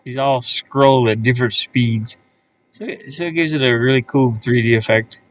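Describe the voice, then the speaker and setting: A man's voice: medium pitch, steady tone, moderate pace, slight background noise. A man streaming live, casually talking to himself as he works, muttering and thinking aloud with many fillers. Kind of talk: casual live-stream commentary while working. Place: his van.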